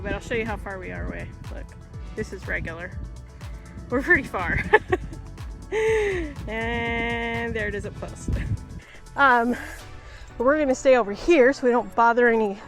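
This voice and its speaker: A woman with a high, light voice chats casually while hiking a hillside trail, a little out of breath. She chuckles often and keeps talking to her dog, recorded outdoors on a handheld pocket camera with faint music underneath. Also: fairly even intonation, normal speed, pauses often. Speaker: travel vlogger.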